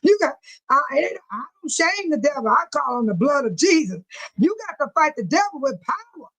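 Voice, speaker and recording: A woman's voice: sits high, big pitch swings, normal speed, a bit bright, low-quality recording. A woman hosting a live chat, reading viewer comments aloud and often breaking into laughter, speaking in a folksy, churchy way. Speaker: livestream host.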